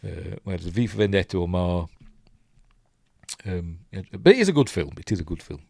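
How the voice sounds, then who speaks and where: A man's voice: low voice, animated, moderate pace, creaky, darkish tone, no room sound, studio quality. A man with a Yorkshire accent, hosting a casual film breakdown and reading out live chat in a chatty, rambling way that often loses its place. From Yorkshire, England. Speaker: host, film reviewer.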